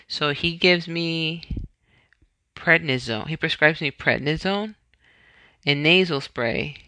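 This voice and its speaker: A man's voice: on the high side, slow pace, sharp tone, smooth, no room sound. A man from Puerto Rico, a podcast host, retelling his own health story in a conversational way and often correcting himself.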